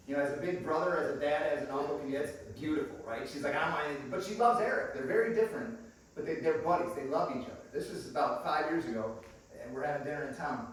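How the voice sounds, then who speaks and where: A male pastor telling funny stories in a sermon and calling the congregation friends, recorded from a distance in a church hall. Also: a little high. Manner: lively, humorous storyteller who calls the congregation friends. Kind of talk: storytelling sermon. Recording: echoey hall, distant mic.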